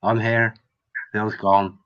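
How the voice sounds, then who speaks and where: A man's voice: fairly low pitch, little pitch movement, slow pace, clean tone, no room sound, dull audio. A man hosting a casual live video chat, chummy and teasing in short remarks.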